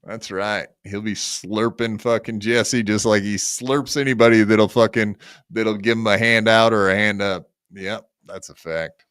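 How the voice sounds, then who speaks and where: A man's voice: lowish voice, steady tone, measured pace, fairly bright tone, clear, resonant tone, dry recording, clean studio sound. A man hosting a podcast in casual chat, delivering profane, mocking rants. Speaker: podcast host.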